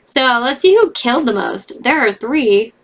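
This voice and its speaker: Woman, young adult, casual reaction commentary, slightly high voice, expressive. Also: normal speed. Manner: reads out results and reacts with cries and laughs. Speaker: gaming video host.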